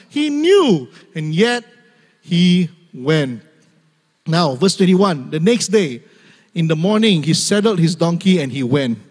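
A man's voice: sits high, darkish tone, big-room sound. A young man preaching a humorous sermon, laughing often and mimicking voices in asides. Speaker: pastor.

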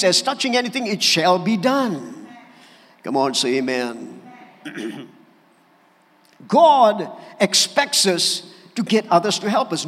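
A male pastor, preaching an animated sermon and calling for amens. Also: sits high, slightly rough. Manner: animated preaching with calls for amen. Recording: church hall reverb.

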